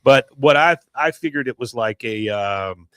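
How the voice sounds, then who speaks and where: A man hosting a podcast, casually retelling a cartoon episode in an animated storytelling way. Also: medium pitch, unhurried, clean tone, no echo, studio quality. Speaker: podcast host.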